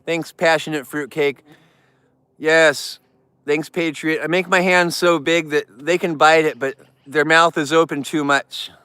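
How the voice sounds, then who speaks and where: A man hosting a casual live stream among bears, talking in a relaxed, rambling way and thanking viewers in chat. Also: a little slow, smooth, no room sound. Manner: cooing baby talk to the bears, squealing high. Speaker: livestream host with bears.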